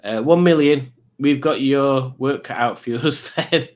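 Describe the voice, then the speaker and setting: A man's voice: medium pitch, unhurried. A middle-aged man, hosting a live quiz stream in a chatty, rambling, teasing way. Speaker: livestream quiz host. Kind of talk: casual live-stream chat.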